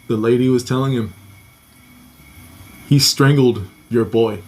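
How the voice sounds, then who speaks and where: A man's voice: medium pitch, unhurried, a little mellow. A man casually telling a personal story on a podcast, swearing often and acting out the voices of the people in it. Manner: profane, restless, acts out quoted voices.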